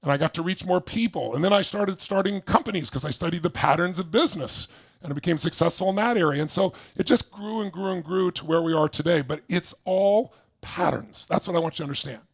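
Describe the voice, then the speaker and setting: An older man telling a story as a motivational speaker, animated and laughing as he asks the audience questions. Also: high voice, fast talker. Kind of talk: storytelling seminar talk.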